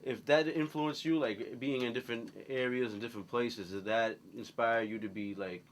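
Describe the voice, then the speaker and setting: A man hosting an interview, asking relaxed, halting questions. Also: medium pitch, slight background noise, poor audio. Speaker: interview host.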